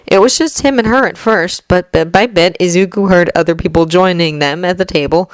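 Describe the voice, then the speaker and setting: A woman's voice: lowish voice, a little fast, no echo. A woman reading fanfiction aloud as narrator, telling the story expressively.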